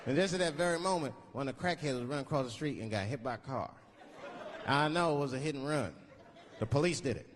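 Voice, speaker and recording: A man doing stand-up, telling a profane story with animated asides. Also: medium pitch, fast, long reverb tail. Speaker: stand-up comedian. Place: comedy club stage. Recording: live club set with noisy audience. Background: audience laughter and chatter.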